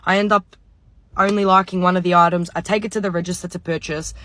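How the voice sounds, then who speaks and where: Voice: mid-range voice, little pitch movement, fast talker, background noise. A speaker, telling a casual storytime rant about shopping, swearing and exasperated. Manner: exasperated, swearing, mimics others.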